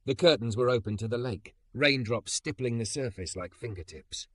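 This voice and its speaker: Man, narrator, soft lingering storytelling, dry close sound. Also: mid-range voice, moderate pace, no room sound. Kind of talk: scripted romance narration.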